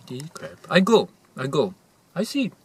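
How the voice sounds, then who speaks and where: A man playing an intense, earnest male motivational guru who speaks broken English and swings between whispers and loud outbursts, in a character monologue to camera. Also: fairly high pitch, huge pitch swings, moderate pace. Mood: excited. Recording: distant mic with faint ambient noise.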